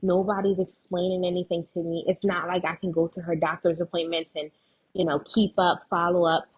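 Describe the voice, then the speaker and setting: In a muffled recording, this woman talks fairly quickly in a flat, lowish voice with a slight roughness. As a guest in conversation, she shares heartfelt personal anecdotes with sincerity, frequently breaking off and starting her sentences again.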